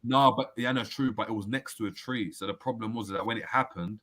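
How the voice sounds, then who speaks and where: A man hosts a casual football show and tells stories in loose street slang. His voice sits low, and he reads viewer comments aloud as he goes. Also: fast, sharp tone, a little hiss or hum. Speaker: host. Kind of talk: casual chat about football.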